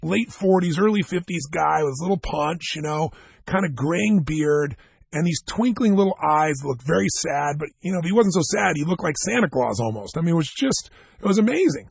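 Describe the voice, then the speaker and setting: Gravelly, husky man telling a story. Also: a little high, moderate pace, dry recording. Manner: animated storyteller who acts out dialogue. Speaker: motivational speaker. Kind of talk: storytelling seminar talk to a live audience.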